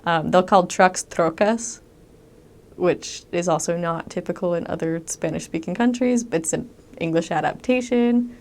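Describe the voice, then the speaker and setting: A young woman recounts her missionary experiences in a relaxed, conversational way. Her voice sits a little low, and she peppers her talk with ums and lively quoted asides. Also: normal speed. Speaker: returned missionary. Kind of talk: casual storytelling monologue.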